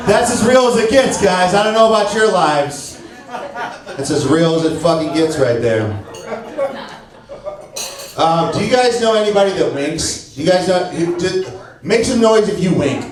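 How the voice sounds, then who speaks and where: A brash, foul-mouthed stand-up man works the crowd with a slightly high voice. He sounds set back from the mic in a very echoey club. A laughing audience fills the room behind him. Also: sing-song, a little slow, pauses often, distant mic. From St. Louis, Missouri. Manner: brash, profane, teasing the audience. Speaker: stand-up comedian. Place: comedy club stage before a laughing crowd. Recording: echoey club recording, mic heard from afar.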